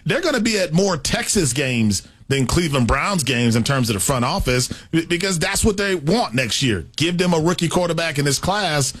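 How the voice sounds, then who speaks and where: Guy on a sports talk show, kinda high-pitched, talks his takes out loud. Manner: opinionated, thinks aloud with many "I think" asides.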